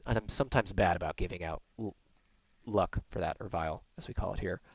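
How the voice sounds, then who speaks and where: A man with a fairly low voice runs a tabletop game, rambling through the rules with fillers and restarts. The audio is dull and lo-fi, close and dry. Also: a little fast, no room sound. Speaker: game master. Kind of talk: running a tabletop game, casual chat.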